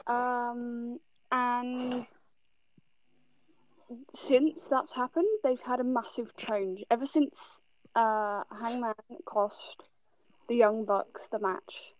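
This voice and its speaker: A woman's voice: fairly high pitch, flat delivery, very slow, pauses often, dry recording. A woman giving hesitant, chatty opinions over an online call. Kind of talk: casual chat. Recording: dull lo-fi call audio.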